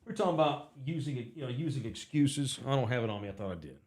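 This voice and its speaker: A man's voice: mid-range voice, quick pace, husky. A man co-hosting a sports podcast, talking in a jokey, casual way. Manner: animated, jokey, swings loud and soft. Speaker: podcast co-host.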